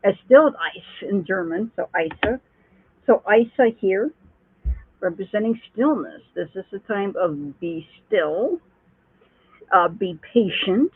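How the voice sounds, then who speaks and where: A woman giving a calm, reassuring rune reading as a psychic reader. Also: medium pitch. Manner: calm, reassuring, explains slowly. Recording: dry, husky phone-line call.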